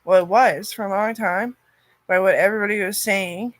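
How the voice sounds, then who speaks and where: A woman's voice: medium pitch, fairly even intonation, moderate pace, no echo. Rambling, cursing woman, dry sound. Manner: rambling, profane, loudness swinging between loud and very soft. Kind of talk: rambling personal monologue.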